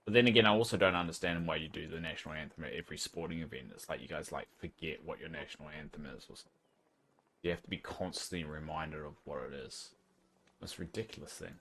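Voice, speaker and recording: A man's voice: extremely low pitch, quick pace, a bit bright, breathy edge. A man with a New Zealand accent, casually chatting and teasing viewers while streaming a game. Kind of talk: casual live-stream chat while gaming.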